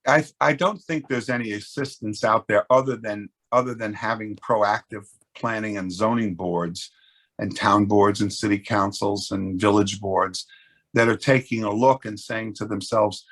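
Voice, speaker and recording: A man's voice: on the low side, fairly even intonation, a little slow, a bit bright. A man speaking as a real estate executive on a webinar panel, explaining his points earnestly and often restarting his sentences.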